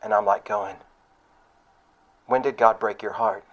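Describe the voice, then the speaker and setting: A man's voice: fairly low pitch, steady tone, a little slow, muffled recording. A man preaching a sermon in a conversational, emphatic way, full of rhetorical questions and mocking asides.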